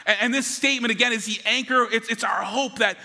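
A man with an extremely high, bright voice preaches fast and forcefully, earnest and conversational, often repeating words as he goes. He's a pastor in a church sanctuary, and the recording has a long hall reverb.

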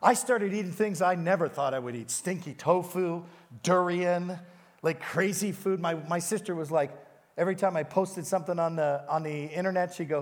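High-voiced male preacher in a reverberant church. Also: moderate pace. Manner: energetic preaching, addressing the congregation directly. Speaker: pastor. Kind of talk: sermon. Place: large church with a balcony.

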